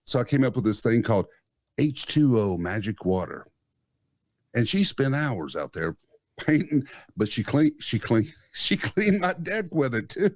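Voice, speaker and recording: A man in his fifties sitting in as co-host, chatting in a relaxed, joking way with frequent chuckles. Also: medium pitch, measured pace, no room sound, clean studio sound. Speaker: guest co-host. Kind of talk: casual chat.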